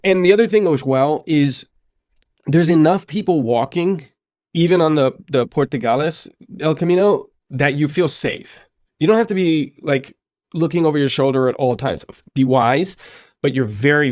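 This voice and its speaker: A man's voice: medium pitch, no room sound. A man hosting a podcast, telling stories with lots of energy and slipping into the voices of the people he quotes. His voice sits in a middle range and sounds close and dry, with no room around it. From United States. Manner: animated storyteller, acts out quoted speech. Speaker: podcast host. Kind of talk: conversational interview.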